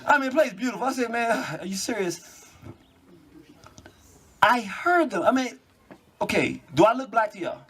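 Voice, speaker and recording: A man giving an animated monologue, quick in bursts and laughing as he talks. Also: very high voice, breathy edge.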